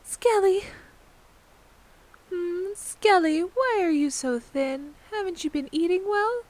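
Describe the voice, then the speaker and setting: A woman voicing a gentle, fussing elderly grandmother who dotes on her grandson. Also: extremely high pitch, slow pace, voice pushed up. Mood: doting.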